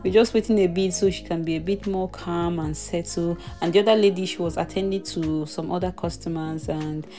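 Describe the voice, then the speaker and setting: A woman's voice: on the low side, fairly even intonation, fairly quick, few pauses, warm tone, soft background music. Chatty young mother narrating a vlog. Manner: chatty, with frequent small laughs. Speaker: mother vlogging her baby's ear piercing. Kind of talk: casual voice-over narration.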